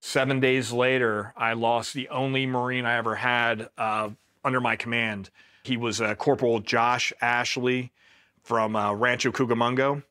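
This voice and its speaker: Laid-back deadpan male war storyteller. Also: medium pitch. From Pennsylvania, USA. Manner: laid-back, deadpan, quotes himself flatly. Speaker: Marine veteran. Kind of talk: casual storytelling interview.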